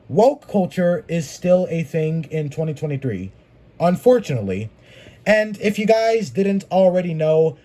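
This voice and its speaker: A man's voice: on the high side, mellow. A man ranting in a gaming commentary video, emphatic, profane and repetitive.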